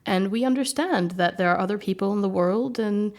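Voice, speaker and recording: A woman from the United States with an American accent softened by British intonation, speaking as an interview guest in a chatty way with many fillers. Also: medium pitch, fairly quick. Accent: American with British-influenced intonation. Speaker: guest, legal expert. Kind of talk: conversational interview.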